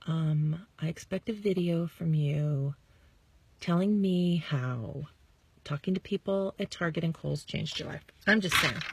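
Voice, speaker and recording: A woman's voice: lowish voice, husky, no room sound. Bubbly woman coaching her followers. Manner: bubbly, chatty, acts out quick quoted dialogue. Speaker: network marketing coach. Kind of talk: casual motivational talk to followers.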